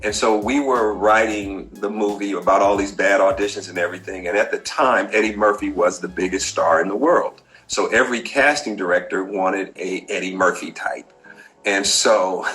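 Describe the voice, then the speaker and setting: A man's voice: low voice, moderate pace, soft background music, low-quality recording. A middle-aged man, a filmmaker, telling stories in an interview and acting out the quotes. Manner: animated storyteller, acts out quotes. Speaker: filmmaker guest. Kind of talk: interview storytelling.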